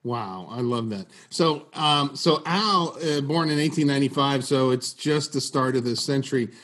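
Man hosting a podcast, halting questions. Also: mid-range voice, fairly bright tone. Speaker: podcast host. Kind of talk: interview.

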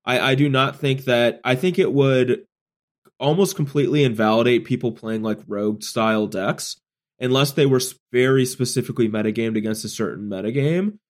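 Speaking at medium pitch and slightly quickly, this tournament player co-hosts a laid-back gaming podcast despite being sick and rough-voiced. His long, considered explanations keep circling back and starting over.

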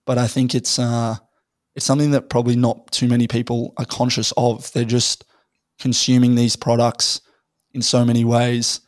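A man, a little hoarse from losing his voice, rambling through a casual podcast conversation and thinking aloud with many fillers. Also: mid-range voice, completely flat delivery, moderate pace, no room sound, clean studio sound. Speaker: podcast guest.

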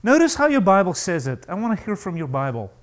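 Male pastor, sermon, emphatic, lively swooping pitch, high voice. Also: quick pace. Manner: animated and emphatic, acting out quoted voices.

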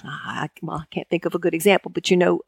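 A woman, a guest in a conversational interview, talking in halting bursts full of restarts and fillers. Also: lowish voice, steady tone, creaky, husky, no room sound, studio quality. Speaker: guest lexicographer.

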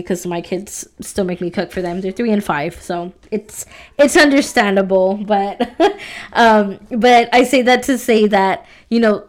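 A woman in her thirties hosting a solo podcast, talking casually and encouragingly, often adding "like" and "right?". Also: medium pitch. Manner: chatty, fills with "like" and "right?"; encouraging, faith-based. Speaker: podcast host.

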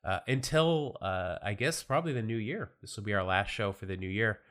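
Male podcast host, deep but bright-edged voice, sick and a bit worn, easygoing rambling delivery. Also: fairly quick. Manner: relaxed, chatty, with frequent fillers and restarts. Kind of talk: casual solo podcast talk about baseball cards.

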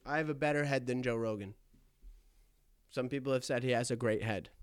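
A young man talks at a mid-pitched, everyday level while standing in his attic, hosting his podcast. He rambles, stutters and keeps cracking self-deprecating jokes at his own expense. The sound is dry and close, with no room echo. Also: brisk, smooth. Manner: self-deprecating, stammering, jokey asides. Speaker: podcast host. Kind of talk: rambling comedic podcast monologue.

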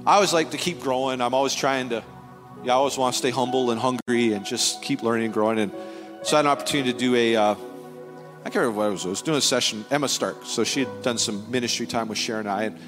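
A man's voice: medium pitch, quick pace, over music. A man preaching a sermon as pastor, telling personal stories earnestly with frequent restarts. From Canada. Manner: earnest, animated storytelling with many restarts. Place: church sanctuary.

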